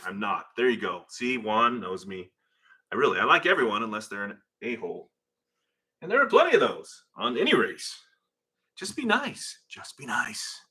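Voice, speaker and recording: A man's voice: on the low side, moderate pace, slightly rough. A man hosting a live stream from his garage, chatting and rambling while reading out viewer names. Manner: rambling, animated, reads chat names aloud. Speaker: host of a live car-build stream. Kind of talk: casual live-stream chat. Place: home garage workshop.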